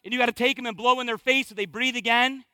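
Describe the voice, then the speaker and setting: A man in his thirties delivers a sermon in church with an unusually high, ringing voice. He is emphatic and drives points home by repeating phrases. The sound is close and dry. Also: steady tone, fast, sharp tone, dry recording. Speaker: pastor.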